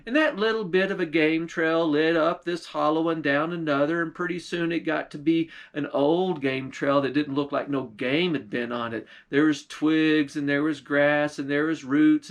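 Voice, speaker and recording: A man telling a folktale in an unhurried, homespun way. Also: a little high, fairly bright tone. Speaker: storyteller. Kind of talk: folktale storytelling.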